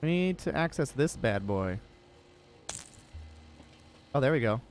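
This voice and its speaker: A man streaming a game live, reacting excitably and talking to the characters and to his chat. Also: medium pitch, unhurried, faint music behind. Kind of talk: live gameplay commentary. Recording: noisy background.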